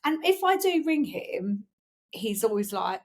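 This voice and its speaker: A woman, co-hosting a casual chat podcast, laughing often and telling stories in a lively way. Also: on the high side, measured pace. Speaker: podcast co-host.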